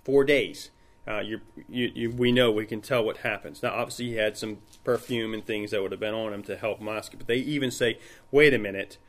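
A man leading an informal Bible study, talking in a relaxed, conversational way and acting out the people in the story. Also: lowish voice, fairly quick. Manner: conversational, retells scenes in acted quotes.

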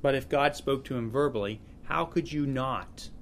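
A man's voice: mid-range voice, normal speed, a little hiss or hum. Earnest man leading a Bible study. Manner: earnest, repeats words as he thinks aloud. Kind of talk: informal Bible teaching to a small group.

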